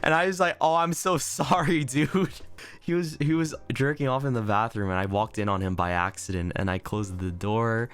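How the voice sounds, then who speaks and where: A young man telling a story in a casual vlog, laughing often, swearing freely and talking with animated energy. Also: on the low side, a little fast, few pauses, smooth. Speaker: vlogger. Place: inn room indoors.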